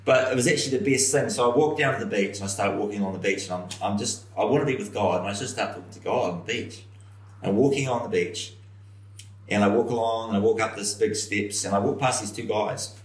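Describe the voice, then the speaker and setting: Kiwi pastor guy, middle-aged, lowish voice, tells stories animated, kinda far off the mic in an echoey room. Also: fast. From New Zealand. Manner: animated storyteller, acts out quoted voices. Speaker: senior pastor. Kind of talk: storytelling in a podcast conversation. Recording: roomy echo, somewhat far from mic.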